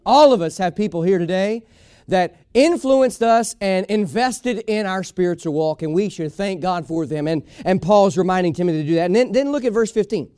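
High, smooth-voiced male preacher. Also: normal speed, warm tone, no room sound, clean studio sound. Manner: emphatic preaching with repeated key phrases. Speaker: pastor. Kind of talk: sermon.

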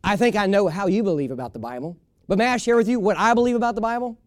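A man's voice: high-pitched, very fast, dry recording, clean studio sound. A man preaching a sermon as a pastor, emphatic and folksy, repeating his key lines for weight.

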